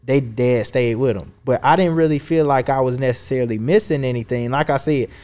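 A man's voice: medium pitch, fairly quick, a little mellow. A man from Georgia with a Southern accent, a guest casually telling stories in a slangy, laid-back way. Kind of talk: casual conversational storytelling.

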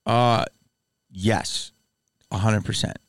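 A man's voice: on the low side, takes it slowly, no echo, clean studio sound. A man hosting a podcast in casual chat, telling stories with lots of laughter. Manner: animated storyteller, laughs often. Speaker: podcast host.

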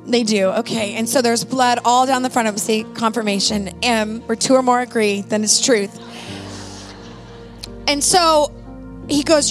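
A woman's voice: a little high, a little slow, over music. A middle-aged woman on stage telling a heartfelt personal story to an audience, acting out the dialogue dramatically. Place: stage before a live audience.

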